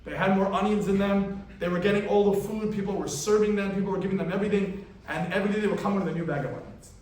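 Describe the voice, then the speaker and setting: A man, a rabbi giving a weekly class, telling a parable as a lively storyteller who acts out the characters. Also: sits high, fast talker. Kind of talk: storytelling sermon. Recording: very echoey room, voice from far off, faint noise.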